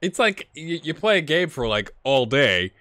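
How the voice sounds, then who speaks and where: A man casually commentating a football management game, rambling and questioning himself, with sudden bursts of excitement. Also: on the high side, moderate pace, no echo. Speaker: gaming YouTuber.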